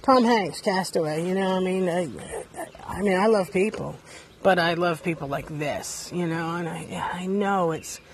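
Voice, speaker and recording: A woman's voice: on the low side, moderate pace, slight background noise. A woman hosting a casual monologue podcast, talking candidly and rambling, sitting outdoors beside her bus. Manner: rambling, candid, self-deprecating. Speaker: podcast host.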